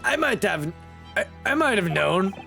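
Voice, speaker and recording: A big, burly prison governor snarls in a broad put-on Glaswegian brogue, blustering and suspicious of every visitor, as a man puts him on. The voice sits at an ordinary middle pitch with a growl on top, and faint music plays under it. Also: big pitch swings, a little slow, creaky, bright, forceful tone, full character voice. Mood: threatening. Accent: put-on Glaswegian Scottish. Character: burly gruff racist male prison governor.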